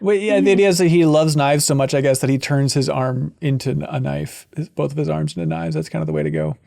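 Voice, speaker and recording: A man's voice: fairly high pitch, fast talker, creaky. A man hosting a casual game podcast, reading listener messages aloud and joking around. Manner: joking, animated. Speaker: podcast host.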